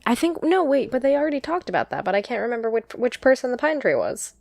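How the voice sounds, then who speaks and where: A woman co-hosting a podcast, chatting casually about a book, quick to laugh and often stopping to correct herself. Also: fairly high pitch, very animated, vocal fry, darkish tone, no echo, clean studio sound. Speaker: podcast co-host. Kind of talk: casual book-discussion chat.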